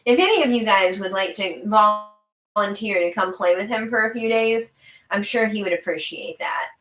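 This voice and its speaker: A woman's voice: mid-range voice, moderate pace, a bit bright. A young woman with a faint Southern US accent, chatting casually on a live stream, rambling with frequent laughs. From American South. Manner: chatty and rambling, laughing often, talking to her dog. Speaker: livestream host. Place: room in her house. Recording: roomy home recording.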